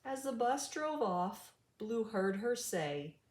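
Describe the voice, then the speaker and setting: A woman reading a children's picture book aloud, slowly, with a sing-song storytelling manner. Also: a little high, noisy background. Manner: slow, lively storytelling with sing-song voices for animals. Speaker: storybook reader. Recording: roomy echo.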